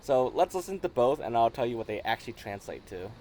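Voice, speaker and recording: A man talks through a video game discovery in relaxed commentary at an everyday mid pitch. He often restarts his sentences and fills them with "like". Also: fast talker, noisy background. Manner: relaxed and explanatory, with frequent restarts and "like". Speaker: gaming video host. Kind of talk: casual commentary.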